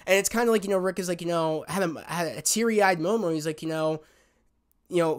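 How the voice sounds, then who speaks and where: A man's voice: high voice, a little fast, clear, resonant tone. Rambling man recapping a TV episode. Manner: rambling, heartfelt retelling of scenes. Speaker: TV show reviewer. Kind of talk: casual spoken episode review.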